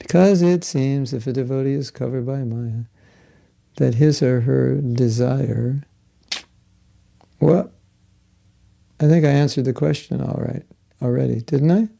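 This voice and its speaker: A man's voice: medium pitch, a little slow, gravelly, pauses often, dark tone. A man giving a conversational devotional class, telling a story with asides and jokes. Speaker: spiritual teacher. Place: Florida.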